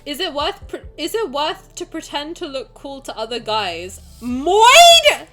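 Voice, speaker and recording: A woman's voice: high voice, very animated, normal speed, over loud music. A young woman streaming live, reading chat messages aloud and reacting with swearing and frequent laughter.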